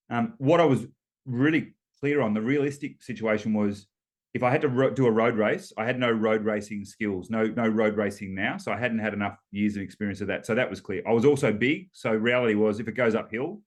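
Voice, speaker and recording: An Australian man in his fifties, a former rower, telling stories as a guest in a relaxed interview, laughing between points and restarting often. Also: lowish voice, a little fast. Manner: chatty storyteller, laughs between points, many ums and restarts. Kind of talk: casual storytelling interview.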